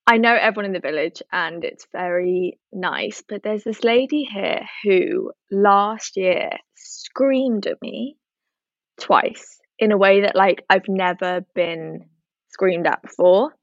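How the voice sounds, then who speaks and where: A woman chats casually, rambling with plenty of fillers at a middling pitch. The recording is dry and slightly muffled, with little room around it. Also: slow, no room sound. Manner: chatty, storytelling with many likes and ums. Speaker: podcast co-host. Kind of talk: casual chat. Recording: dull dry sound.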